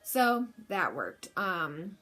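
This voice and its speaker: A woman's voice: on the low side, very animated, very slow, fairly bright tone, soft background music. Young woman, casual vlog storyteller, candid and chatty, full of "like"s and "um"s. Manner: chatty and frank, filler-heavy with lots of "like". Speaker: vlogger.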